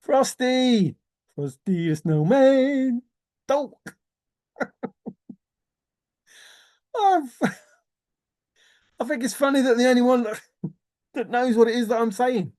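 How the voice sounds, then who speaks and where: A man's voice: very high-pitched, animated, slow pace, long pauses, a little mellow. A man rambling in a teasing, giggly solo monologue, often laughing and repeating words. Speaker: treasure-hunt video maker.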